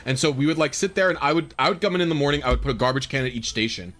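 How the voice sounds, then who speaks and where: While streaming a game, a man rambles casually through a story, full of fillers and exasperated asides. His mid-range voice races along with a fairly bright tone.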